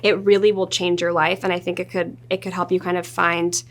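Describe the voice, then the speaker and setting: In a studio interview, an actress in her twenties chats casually as a guest, her voice lowish and brisk. She tells stories in an animated way, acting out little quotes along the way.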